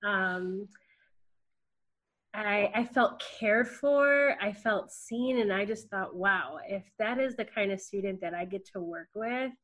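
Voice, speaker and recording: A woman working in student affairs, giving an earnest, heartfelt tribute as a podcast guest, soft-spoken with many fillers. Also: mid-range voice, slow pace.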